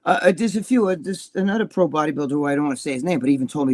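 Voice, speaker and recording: Middle-aged jersey guy, slightly high voice, swears a lot, tells blunt stories. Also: expressive, rapid-fire, few pauses, a little mellow. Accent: New Jersey. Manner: blunt, profane, storytelling with voiced quotes. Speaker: co-host. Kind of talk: casual livestream chat.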